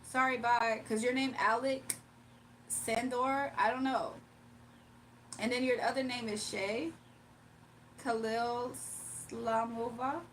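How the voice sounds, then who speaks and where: A chatty woman livestreamer talks casually to her viewers, reading their messages aloud and laughing often. Her voice sits fairly high and a little away from the mic, with a faint noise underneath. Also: steady tone, slow, long pauses, far from the mic.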